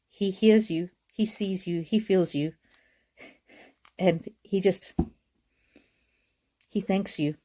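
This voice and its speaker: A woman giving a live oracle card reading, speaking earnestly and reassuringly, with soft laughs now and then. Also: mid-range voice, slow, pauses often.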